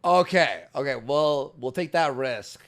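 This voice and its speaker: A man's voice: medium pitch, lively intonation, a little slow. A man hosting a podcast in casual chat, coaxing and pleading with his guest and laughing often. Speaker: podcast host.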